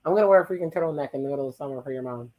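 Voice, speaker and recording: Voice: mid-range voice, warm tone, poor audio. Casual watch-along host recapping a dating show, teasing little asides, loose chatty delivery. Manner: playful, teasing, recaps dialogue in quick asides. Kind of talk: casual reality-show commentary.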